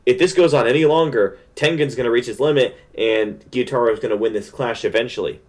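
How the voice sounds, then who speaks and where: A man's voice: medium pitch, a little fast, lightly acted. A man doing an urgent young swordsman. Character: determined young male demon-slaying swordsman.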